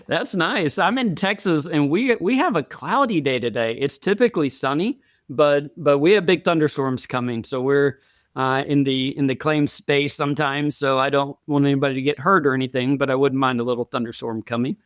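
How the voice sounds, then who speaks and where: A man's voice: medium pitch, moderate pace, no room sound, studio quality. A man hosting a podcast interview, chatty and friendly, often repeating words as he talks. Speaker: podcast host.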